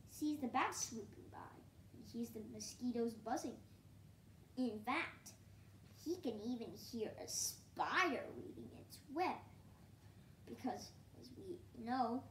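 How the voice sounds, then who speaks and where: A woman reading a children's story aloud in a gentle, hushed way that often drops near a whisper. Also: a little high, echoey room, slight background noise.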